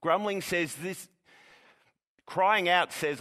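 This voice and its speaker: A man preaching a sermon in an earnest, measured way, sometimes repeating words as he goes. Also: on the high side, pushed and bright, in a large hall. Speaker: pastor.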